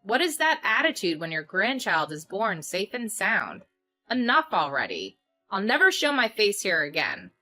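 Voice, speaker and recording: A woman narrating a story in the first person with steady recounting. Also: mid-range voice, moderate pace, soft background music.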